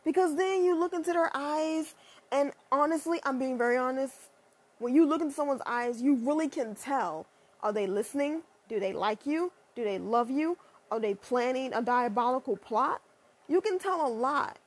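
A woman ranting in a blunt, profane and sarcastic monologue, leaping up and down in pitch. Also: normal speed. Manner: animated, with sudden pitch jumps.

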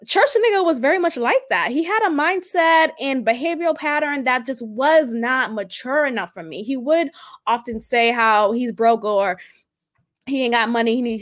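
A young adult woman hosting a casual solo podcast, talking emphatically and often tagging her points with "right?". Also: high-pitched. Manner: emphatic and animated, keeps asking "right?". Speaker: podcast host.

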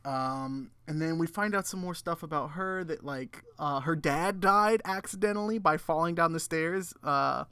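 A man recapping a movie in loose, rambling casual chat. He laughs and sounds exasperated at the plot. His voice sits a little high and sounds dry and close. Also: moderate pace, few pauses, sharp tone, smooth, dry recording. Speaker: podcast co-host.

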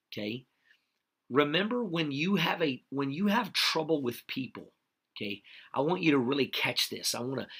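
A man's voice: medium pitch, gravelly, sharp tone, husky. A man preaching a livestreamed sermon, greeting viewers by name and hammering each point home with repeated "okay?" checks. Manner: emphatic, repeats key points with frequent "okay?".

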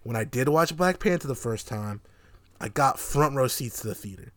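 Profane, animated man ranting about movies. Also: mid-range voice, normal speed, dry recording. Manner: animated, profane, laughing often. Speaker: podcast co-host. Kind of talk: casual movie review chat.

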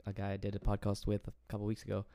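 A man's voice: on the low side, completely flat delivery, racing, vocal fry, dark tone, clean tone. A young man with an English accent, chatting casually on a podcast. He swears freely and laughs easily. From England. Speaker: podcast host. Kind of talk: casual chat.

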